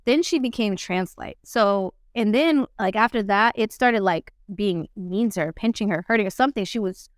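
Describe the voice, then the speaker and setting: Young woman, podcast guest, animated storytelling, slangy, dry close sound. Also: moderate pace, few pauses, no echo. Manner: animated, acts out quoted speech with big swings in pitch; blunt slangy talk with frequent swearing. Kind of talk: casual storytelling.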